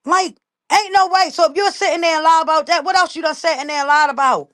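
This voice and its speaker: A woman's voice: extremely high pitch, fast, a bit bright. A woman talking on a casual livestream. She is emphatic and indignant, repeats her points and keeps calling out to "y'all".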